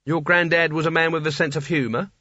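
A man voicing a brisk, irritable young woman who speaks curtly and flatly in an audiobook. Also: a little high, no room sound. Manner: curt, flat, firm. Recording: dull dry audiobook recording.

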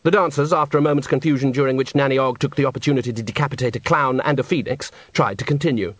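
A man narrating a comic novel in a wry, lively storytelling manner. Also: medium pitch, fast talker, dry recording. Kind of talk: audiobook narration.

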